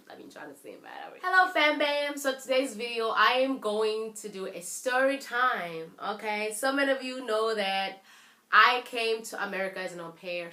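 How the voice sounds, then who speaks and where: A young South African woman with a South African accent, telling a personal story in a chatty, animated vlog and often restarting her sentences. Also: medium pitch, roomy sound. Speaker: vlogger.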